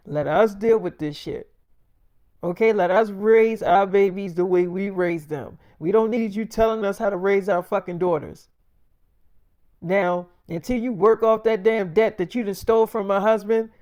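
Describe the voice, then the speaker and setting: A man's voice: high voice, mellow, no room sound, clean studio sound. A man voicing a furious young wife who scolds her mother, cursing heatedly in a freestyle role-play story.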